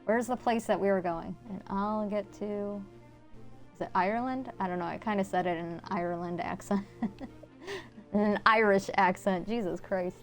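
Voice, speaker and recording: A woman's voice: mid-range voice, brisk, soft background music. A woman game streamer chatting casually with her viewers while she plays, blunt and swearing freely. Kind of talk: casual live-stream chat.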